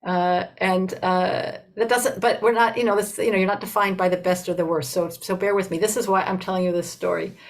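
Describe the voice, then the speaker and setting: A woman's voice: on the low side, fairly even intonation, low-quality recording. Older woman telling a dharma story. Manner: unhurried, conversational, frequent "you know" and restarts. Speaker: Buddhist dharma teacher.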